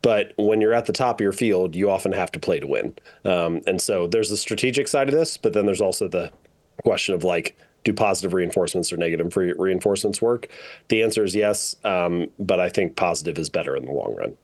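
A man with a somewhat low voice, speaking as a guest on a podcast interview. He explains things in a measured way and fills pauses with frequent ums. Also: animated, darkish tone. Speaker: author and guest.

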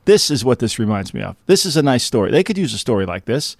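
A man co-hosting a football podcast, talking in an animated, rhetorical way and firing off questions. His voice sits at a middle pitch. The sound is dry and close, with no room around it. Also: fast, dry recording. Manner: animated, rhetorical, laughing asides. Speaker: podcast co-host. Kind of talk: casual sports talk.

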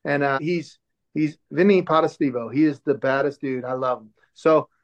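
A man's voice: a little high, moderate pace. A man in his forties telling a story in a casual chat, acting out the voices of the people he quotes. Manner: animated, acts out quoted dialogue. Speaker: show host telling a story as podcast guest. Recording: dull lo-fi sound.

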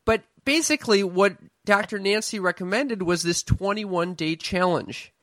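A man's voice: high-pitched, a little slow, fairly bright tone, dry recording. A young man with a Chicago accent, a stand-up comic co-hosting a casual podcast, joking and self-deprecating.

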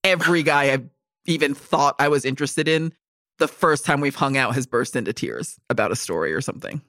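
A woman's voice: extremely low pitch, fairly quick, a bit bright, no echo, studio quality. A woman co-hosting a podcast in casual chat, blunt and joking with some swearing. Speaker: podcast co-host.

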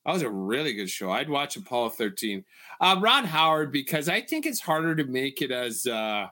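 This is a man from Canada co-hosting a sports podcast, with a loose, laughing and profane way of talking. His voice sounds forceful and bright. He rambles casually through the conversation. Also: medium pitch, sing-song, normal speed. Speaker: podcast co-host.

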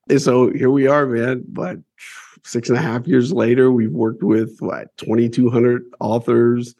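There's no echo on this clip of a publishing company owner, whose darkish, medium-pitched voice keeps a fairly even intonation at a moderate pace. Guesting in a laid-back interview, he recounts his life with blunt emphasis, swearing and repeating words as each point builds.

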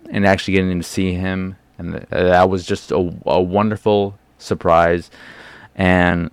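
A man's voice: deep voice, creaky, no echo. A man hosting a podcast, giving a casual, rambling film review with lots of restarts and fillers.

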